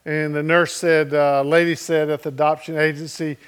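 A middle-aged man preaching a sermon as a pastor, telling a story in a conversational way and often checking in with his listeners. He moves between loud and very soft delivery. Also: a little high, flat delivery, normal speed, clear, resonant tone.

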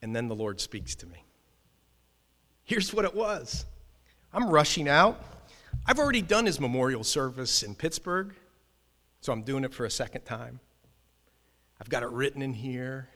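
Animated male pastor in a reverberant hall. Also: mid-range voice. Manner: animated, emphatic, quick restarts. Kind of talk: sermon with personal storytelling.

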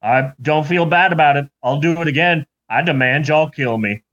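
A man's voice: a little high, normal speed, a bit bright, lightly acted. A man voicing a blunt, defiant male murderer, on a dull lo-fi recording. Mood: insistent. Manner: blunt, insistent.

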